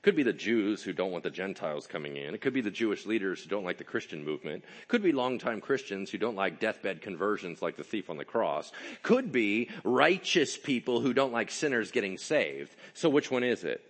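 A male pastor delivers a sermon with a low voice that swings widely in pitch. He acts out the people in his story, jokes, and throws questions at his congregation. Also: brisk, hardly any pauses. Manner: animated, acts out voices, jokes and asks the crowd.

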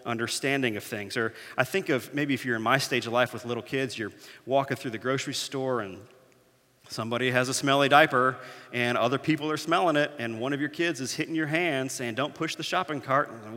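Bright-voiced pastor preaching in echoey hall. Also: male voice, mid-range voice, brisk. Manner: storytelling, animated, self-mocking humor. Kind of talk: sermon.

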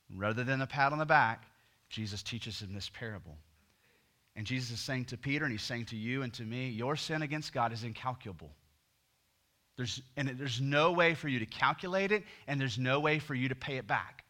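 A middle-aged man preaching a sermon, swinging from loud emphasis to hushed near-whispers. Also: medium pitch, lively intonation, normal speed. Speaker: pastor.

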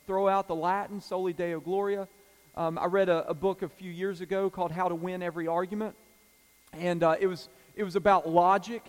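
A man's voice: sits high, a little mellow. Man preaching in a reverberant church. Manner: conversational preaching with fillers and asides; reads scripture aloud at a measured pace. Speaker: pastor. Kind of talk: sermon. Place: church sanctuary.

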